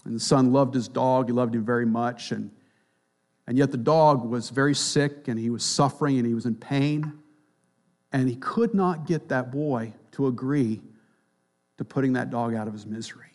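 A man preaching a sermon, swinging between quiet, near-whispered lines and loud, emphatic passages. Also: mid-range voice, fairly even intonation, moderate pace.

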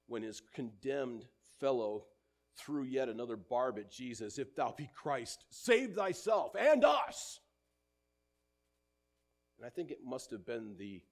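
Earnest male preacher delivering a sermon. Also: fairly low pitch. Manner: earnest preaching, quoting scripture in older English, soft drops at line ends.

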